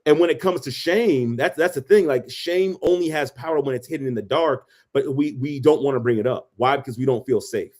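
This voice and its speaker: A man's voice: medium pitch, a little fast, few pauses, a little mellow. A man co-hosting a podcast, giving advice in an emphatic, preachy way and repeating phrases for emphasis. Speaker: podcast co-host. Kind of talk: casual advice conversation.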